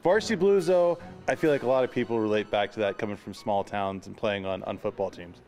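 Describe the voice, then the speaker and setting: A man's voice: lowish voice, a little fast, darkish tone. Joking young man with music behind. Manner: joking, opinionated. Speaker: football player co-host. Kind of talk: casual chat.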